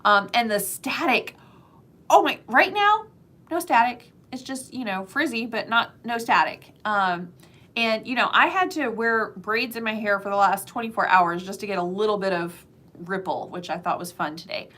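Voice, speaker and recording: A woman chatting casually to the camera as a realtor, animated and full of fillers, laughing often. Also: mid-range voice, moderate pace. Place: lives in Florida.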